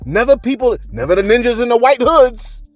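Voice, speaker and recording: A man hosting a celebrity gossip channel, talking casually to viewers with animated rhetorical asides and repeated words. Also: very high-pitched, brisk, dry recording, soft background music. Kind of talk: casual gossip commentary to camera.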